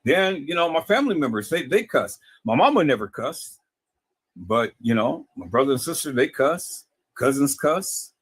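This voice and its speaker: A man's voice: medium pitch, sing-song, moderate pace, slightly rough, no room sound. A man talking to his viewers in a casual, preachy way, often stammering and repeating words. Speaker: video host.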